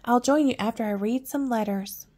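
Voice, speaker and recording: A woman's voice: on the high side, a little mellow, close to an everyday voice. A woman reading a weary Santa. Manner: weary, slow. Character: tired, gloomy Santa Claus, old man.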